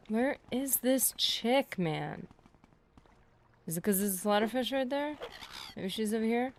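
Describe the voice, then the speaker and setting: A woman's voice: a little high, animated, a little slow, darkish tone, a little hiss or hum. Chatty woman streaming a game live. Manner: chatty, playful, talks to viewers. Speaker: gaming streamer. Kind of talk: casual live gameplay commentary.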